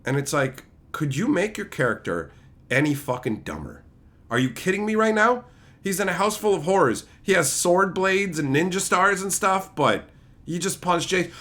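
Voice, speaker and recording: A man's voice: fairly high pitch, big pitch swings, moderate pace, a bit bright. A young man streamer ranting in a sarcastic, profane, mocking way. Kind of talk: ranting commentary.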